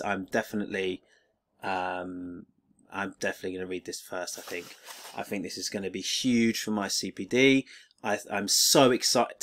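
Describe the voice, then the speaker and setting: Middle-aged male teacher vlogger, rather low voice, rambling and enthusiastic, casual chat to camera. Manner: enthusiastic, rambling with many fillers and restarts. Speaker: teacher and video creator. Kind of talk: casual unboxing vlog.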